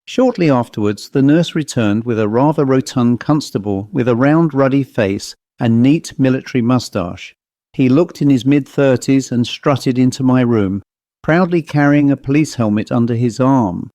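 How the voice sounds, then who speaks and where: A man's voice: medium pitch, moderate pace, mellow, no echo. Man narrating a ghost story. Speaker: audiobook narrator. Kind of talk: scripted first-person narration.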